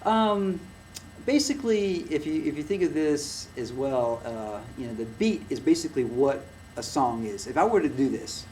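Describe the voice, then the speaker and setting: This music teacher's voice runs on the high side, animated and at a moderate pace. In his casual, recorded lecture he rambles with plenty of fillers and restarts, clapping and playing to show his points, while a mic set far off picks him up in a noisy room.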